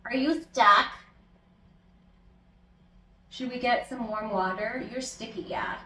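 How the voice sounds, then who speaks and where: A woman chatting casually as a plant vlogger, talking loudly, giggling, swearing and talking to her plants at home. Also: on the high side, takes it slowly. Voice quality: loud, close to yelling. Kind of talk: casual chat. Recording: echoey room with faint background noise.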